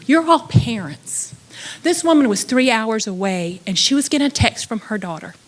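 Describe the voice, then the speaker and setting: A woman speaking earnestly during public comment at a school board meeting, reading messages aloud. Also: a little high.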